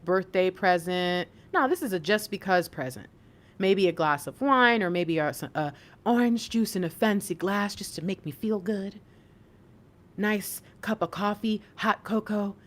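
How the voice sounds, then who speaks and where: A woman giving a casual spiritual card reading, chatty and encouraging, often laughing as she talks. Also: lowish voice. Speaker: intuitive reader.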